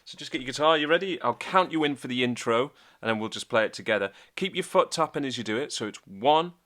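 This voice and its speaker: A man teaching a guitar piece in a relaxed, chatty way, with fillers as he explains and counts beats. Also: medium pitch, quick pace. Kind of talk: casual instructional talk.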